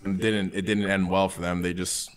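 A young man with a fairly low voice talks loosely on a call, packing his sentences with "like" and "bro". His speech comes through a phone. He sounds casual and unhurried. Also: level tone. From New York. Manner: rambling, lots of "like" and "bro". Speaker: caller. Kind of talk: casual chat.

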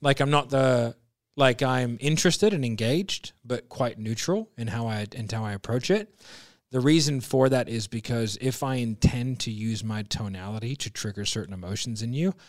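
A man with a mid-range voice, speaking at a normal speed, talks sales as a guest on a casual podcast. He's blunt and emphatic, swears freely and keeps restarting his sentences. The audio is studio quality with no echo.

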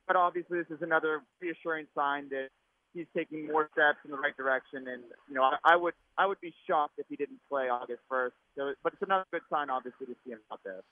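A man reporting by phone from a practice rink, his voice muffled by a mask, talking rapidly and chattily. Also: on the high side, dry recording. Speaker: sports reporter calling in. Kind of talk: casual chat. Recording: tinny phone line.

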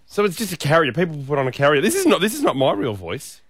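A man's voice: on the high side, wildly swooping pitch, fast, no room sound, clean studio sound. A man with an Australian accent, co-hosting a breakfast radio show in casual banter, joking and teasing with mock-seriousness.

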